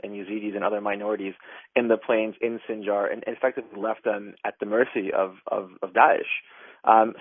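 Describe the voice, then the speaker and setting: A man's voice: fairly low pitch, dry recording. A man giving a radio interview by phone as an advocacy group director, earnest and full of fillers and restarts. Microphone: telephone. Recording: tinny phone line.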